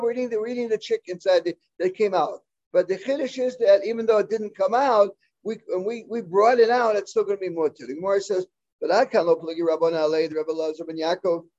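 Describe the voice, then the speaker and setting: High-voiced man teaching a Talmud class. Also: darkish tone, muffled recording. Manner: halting, full of fillers and restarts, mixing Hebrew and Aramaic terms.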